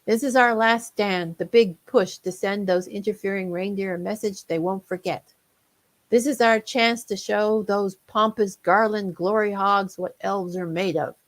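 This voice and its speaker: A woman's voice: medium pitch, steady tone, measured pace, close to an everyday voice. A woman voicing a pompous elf commander. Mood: commanding. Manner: rousing, commanding speech. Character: pompous male elf commander rallying troops.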